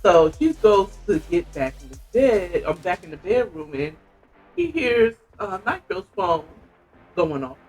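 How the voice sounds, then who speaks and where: A woman's voice: on the low side, sing-song, measured pace, darkish tone, soft background music. A woman hosting a podcast who casually retells a book's plot with rambling asides. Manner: chatty, rambling, with frequent asides. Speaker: podcast host reviewing a book. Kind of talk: casual storytelling recap.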